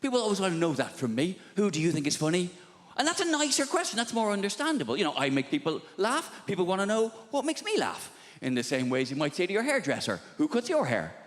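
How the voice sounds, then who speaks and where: Fast, animated, exasperated male comedian. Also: high voice. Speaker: stand-up comedian. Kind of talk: stand-up comedy. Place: large theatre stage. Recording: large echoing theatre hall with noise.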